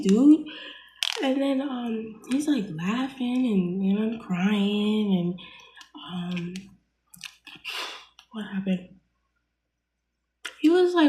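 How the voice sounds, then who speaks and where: A woman's voice: mid-range voice, mellow, echoey room, slight background noise. A young woman telling a personal story in a casual vlog, blunt and full of fillers, swearing freely. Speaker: vlogger.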